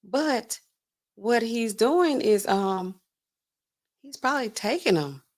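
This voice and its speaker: Pharmacist lady on her livestream, kinda high voice, chatty and animated. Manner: animated, acts out customers in quick asides. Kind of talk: casual livestream chat.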